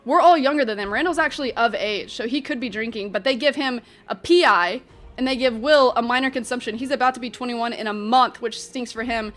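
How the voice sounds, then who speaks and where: A young woman vlogger telling a story in an animated, chatty way, full of fillers. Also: on the high side, fairly quick, faint music behind. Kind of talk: storytime vlog.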